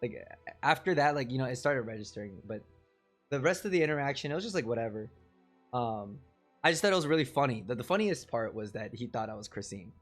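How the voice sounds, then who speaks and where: Dude streaming, rambly self-roasting story time, tons of likes and ums, medium voice, quiet music in the background. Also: male voice, medium pitch, animated, fast. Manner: rambling, filler-heavy, self-deprecating; chuckles often between phrases. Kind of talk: casual live-stream storytelling.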